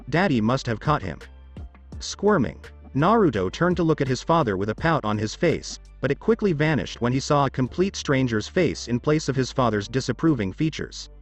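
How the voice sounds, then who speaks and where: A man narrating fan fiction in an expressive storytelling read. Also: medium pitch.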